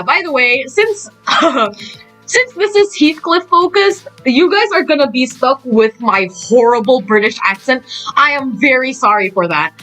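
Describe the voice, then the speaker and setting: A woman's voice: sits high, fairly bright tone, low-quality recording. A woman reading a game story aloud, breaking off into gushing, giggly fan reactions.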